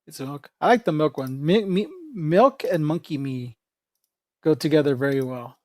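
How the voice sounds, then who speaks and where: A male livestreamer chats loosely with his viewers, swearing freely and laughing between thoughts. His voice sits somewhat high for a man. The sound is dry, with no room echo. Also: normal speed, warm tone. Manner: rambling, profane, laughs often. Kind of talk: casual livestream chat.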